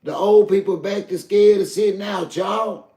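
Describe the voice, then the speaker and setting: A man's voice: high voice, fairly even intonation, normal speed, mellow, echoey room. An older man, talking heatedly and directly to his live stream chat. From Southern US. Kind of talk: emotional live stream talk.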